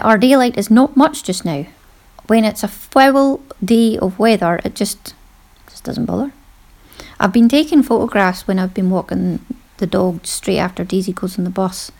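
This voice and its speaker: A woman's voice: medium pitch, darkish tone. A middle-aged woman hosting a podcast, talking casually and poking fun at herself, with frequent laughs. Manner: chatty, self-deprecating, laughs often. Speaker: podcast host. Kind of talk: casual monologue.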